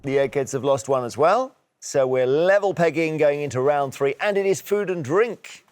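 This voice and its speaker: A man's voice: on the high side, expressive, normal speed, dry recording. A man hosting a quiz show in a TV studio, upbeat and teasing as he reads out questions.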